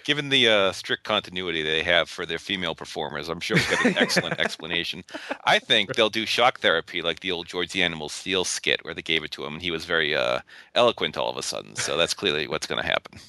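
A man's voice: low voice, animated, quick pace, sharp tone, dry recording. A man on a casual podcast, cracking dry, sarcastic jokes. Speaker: podcast guest.

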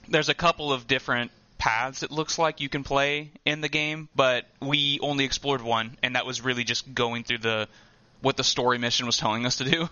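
Bright-voiced man chatting about games. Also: mid-range voice, moderate pace, no echo. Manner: animated storytelling, acting out quotes, laughing. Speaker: podcast co-host. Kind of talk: casual gaming chat. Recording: dull lo-fi dry sound.

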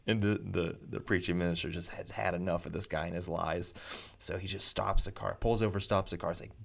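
A man, a preacher hosting his own vlog, telling anecdotes in a chatty, animated way with frequent restarts. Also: sits low, fairly quick, gravelly, hardly any pauses. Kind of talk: casual anecdotal storytelling.

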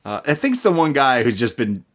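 Casual male podcast host, animated delivery, mid-pitched, acts out quotes in a loose recap. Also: brisk, a little hiss or hum. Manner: animated, swears, mimics wrestlers' promos.

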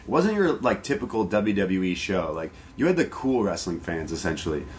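A man's voice: deep voice, sing-song, fairly quick. A man from Canada co-hosting a podcast, chatting casually and rambling cheerfully, laughing often. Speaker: podcast co-host. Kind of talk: casual chat.

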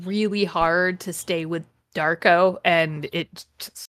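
A woman podcast host does a comedic dramatic reading, stopping to mock the text with sarcastic, freely profane jabs. Her voice is lowish, fairly bright and fairly even, taken slowly, with no echo.

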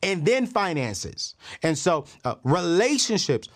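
A man in his thirties hosts a motivational talk with a preacher's rhythm and emphatic repeats. His voice sits fairly high for a man and swings widely in pitch. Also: sing-song, a little slow. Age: 30s. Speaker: podcast host. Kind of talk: motivational talk on money and faith.

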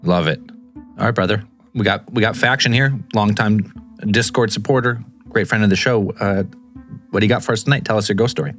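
A man's voice: fairly low pitch, fairly quick, fairly bright tone, soft background music. A man hosting a live call-in podcast, bantering playfully with his co-host and callers.

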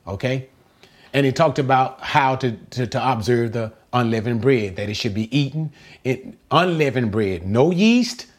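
A man teaching a verse-by-verse Bible lesson, who asks rhetorical questions, answers them himself and repeats words for emphasis. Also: mid-range voice.

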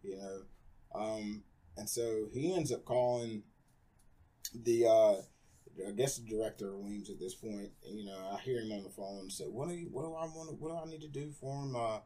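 Husky guy, lowish voice, rambling through his story, lots of fillers. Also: normal speed, dark tone. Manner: candid, rambling, with many fillers. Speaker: guest. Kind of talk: candid personal storytelling in a conversation.

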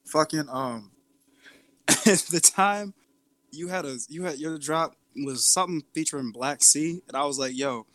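A man's voice: fairly high pitch, unhurried, a bit bright, no room sound. A man co-hosting a music podcast, telling stories in a laid-back, chuckling way. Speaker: podcast co-host. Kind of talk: casual chat.

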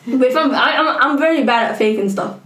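Fast-talking young woman in an echoey room. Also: high voice, fairly bright tone. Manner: chatty, fast, many "like" fillers. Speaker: podcast co-host. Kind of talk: casual podcast chat.

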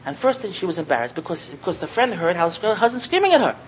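A man giving a Torah talk as a sermon, an animated storyteller who repeats phrases and chuckles often. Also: high voice, fast talker, poor audio. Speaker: Torah teacher.

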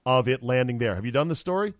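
A man's voice: medium pitch, animated, fast talker, no room sound, clean studio sound. A man hosting a podcast, joking and bantering casually with radio guests. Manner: joking, playful. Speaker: podcast host.

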